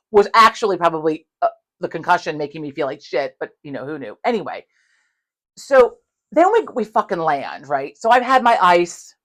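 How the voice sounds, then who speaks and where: A woman tells a story on the casual podcast she co-hosts, her fairly low voice moving briskly. She's profane and animated, swearing a lot and acting out both sides of the conversations.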